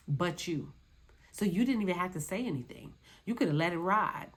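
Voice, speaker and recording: A woman's voice: lowish voice, expressive, normal speed. Sassy, dismissive woman reviewer. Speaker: reality show reviewer. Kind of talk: casual commentary.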